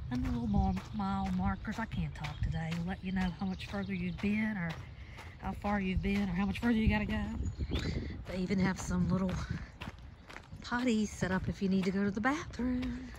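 A woman's voice: medium pitch, a little fast, background noise. Breathless woman vlogging outdoors. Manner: chatty, narrating while walking. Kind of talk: casual walking vlog. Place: outdoors on a gravel trail. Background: birds singing, outdoor ambience.

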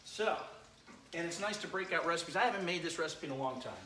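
With a fairly high, bright and forceful voice, a middle-aged man talks fast while frying chicken on a casual live cooking stream from his home kitchen. He chats with viewers and greets them by name. Echo fills the kitchen and a frying pan sizzles faintly behind him.

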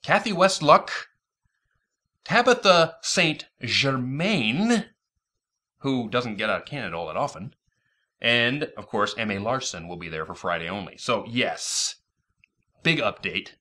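A male host from Michigan running a casual fan show. His voice is bright and forward, and his pitch swings widely as he rattles off news with real enthusiasm. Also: expressive. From Michigan, USA. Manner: enthusiastic, fast announcements. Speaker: podcast host. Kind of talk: casual talk-show hosting.

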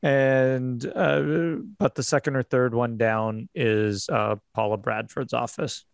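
A man narrating as game master for a tabletop role-playing game, pausing and restarting often. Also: medium pitch, steady tone, creaky, clean tone, no echo. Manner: hesitant, many restarts.

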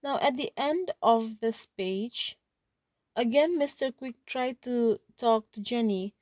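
Slow, careful woman teacher explaining a story. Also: on the high side, a little mellow, dry recording. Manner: reads a passage, then retells it in simpler words. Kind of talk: reading a story aloud and explaining it.

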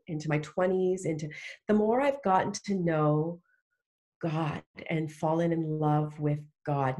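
Middle-aged woman, low voice, earnest heartfelt talk, podcast guest. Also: darkish tone. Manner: earnest, heartfelt, emphatic with restarts. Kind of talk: casual faith conversation.

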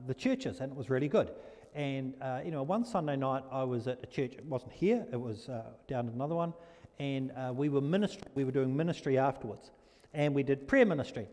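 A man, a pastor giving an informal storytelling sermon. He talks conversationally, with frequent pauses and fillers, and speeds up or slows down to stress a point. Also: on the high side, darkish tone. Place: church sanctuary during a service. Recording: long church reverb.

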